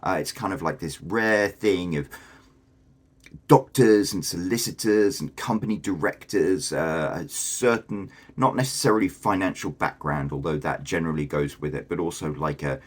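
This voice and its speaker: A man's voice: low voice, moderate pace. A man, explaining things casually to camera as a vlogger, thinking aloud with fillers and restarts. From England.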